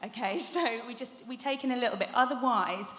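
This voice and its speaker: Leading a vocal workshop, a young woman speaks fairly quickly in a slightly high, fairly bright voice. She keeps things chatty and encouraging, with plenty of laughter as she demonstrates exercises in this live masterclass. The large conference hall adds an echoey, long reverb.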